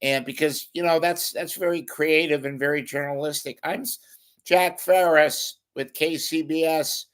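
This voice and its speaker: A man's voice: fairly high pitch, steady tone, moderate pace, fairly bright tone, close to an everyday voice. A man impersonating a smarmy male street reporter who is chasing women.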